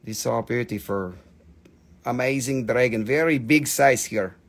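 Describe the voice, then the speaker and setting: A man's voice: mid-range voice, moderate pace. A man selling rocks and amber on a live stream, teasing viewers, swearing freely and rattling off bargain prices in non-native English phrasing. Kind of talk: joking live sales pitch.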